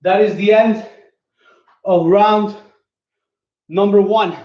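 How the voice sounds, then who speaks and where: A fitness coach with a high, steady voice leads a home workout, taking it slowly and counting his reps aloud as he exercises. It's echoey, distant, lo-fi home video recorded from across a room.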